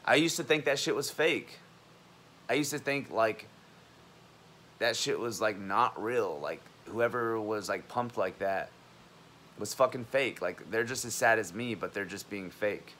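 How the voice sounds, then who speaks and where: A man's voice: fairly low pitch, a little slow, a bit bright, slight background noise. A man in his twenties, a college student, talking straight to camera in a heated, rambling, profane monologue. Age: 20s.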